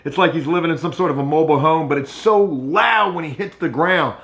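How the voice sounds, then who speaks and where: A middle-aged man, vlogging casually and swinging between hushed asides and excited outbursts. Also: fairly high pitch, a little fast. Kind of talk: casual vlog talk.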